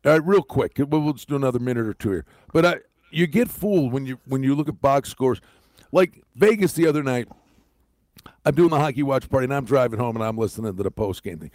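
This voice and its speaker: A man's voice: mid-range voice, brisk, dry recording. A man co-hosting a sports radio show, giving firm opinions on hockey in casual talk. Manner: opinionated, animated when making a point.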